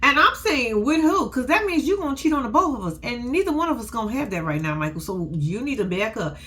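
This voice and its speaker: A woman giving a blunt, sassy, profane recap of a reality show in casual chat, with AAVE features in her speech and big pitch swings when she quotes people. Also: lively intonation, fast talker.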